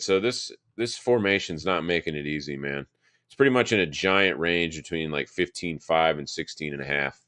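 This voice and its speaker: A man with a very low, smooth voice talks through charts in a loose, rambling way. He sounds like he is thinking aloud on a live market stream, recorded dry and close. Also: a bit bright, dry recording. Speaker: market analysis host.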